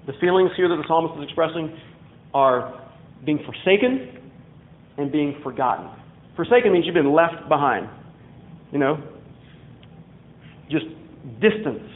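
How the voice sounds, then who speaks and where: High-voiced preacher in an echoey room. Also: male voice, normal speed. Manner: expressive preaching, swinging between loud and hushed. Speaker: pastor. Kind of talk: sermon. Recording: echoey room on a tinny phone-like line.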